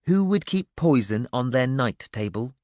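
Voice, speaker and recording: A man narrating an audiobook, voicing a practical young girl who gives brisk, firm orders. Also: medium pitch, animated, darkish tone, dry recording, studio quality, voice pushed up, lightly acted. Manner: curt, firm commands.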